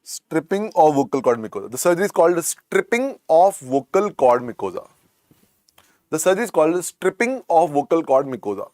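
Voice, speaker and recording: A man's voice: on the high side, very animated, brisk, a little mellow, no echo, studio quality. A middle-aged man with an Indian accent teaching a medical exam class, repeating key points and coaxing students as "beta". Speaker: medical lecturer. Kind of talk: exam coaching lecture.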